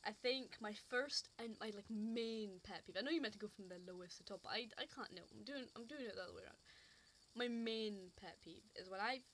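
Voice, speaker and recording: A woman's voice: medium pitch, brisk, a bit bright, slight background noise. A woman vlogger talking unscripted to camera, rambling and complaining in an exasperated way. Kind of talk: casual unscripted rant.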